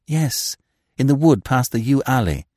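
A man doing a brisk, impatient young woman. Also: mid-range voice, lively intonation, mellow, no echo, clean studio sound.

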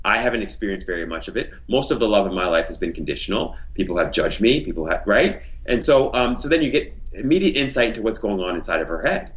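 A man's voice: lowish voice, expressive, quick pace, hardly any pauses, low-quality recording. A man in a casual podcast discussion, explaining ideas in a reflective way with many fillers.

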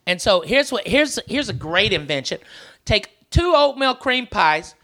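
A podcast host trades crude comedic banter, boisterous, profane, and rowdy. His voice sits high with a sharp tone.

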